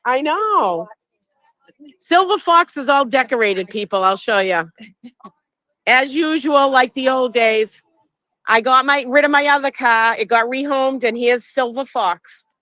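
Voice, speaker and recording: A woman's voice: high voice, measured pace, bright, forceful tone, no room sound, poor audio. A woman from Massachusetts hosting a casual livestream outdoors, chatting and greeting people as she walks. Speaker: livestream host.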